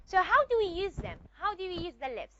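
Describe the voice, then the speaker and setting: A woman's voice: very high-pitched, very animated, a little fast, fairly bright tone, highs cut off. A woman lecturing a class on phonetics, repeating her points and checking that students follow with frequent questions. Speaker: phonetics teacher.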